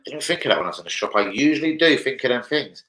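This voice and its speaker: A young man talks very fast and expressively in a medium-pitched, slightly bright voice during a football fan livestream. He rambles, curses, and reads viewer comments aloud, all on a low-quality recording.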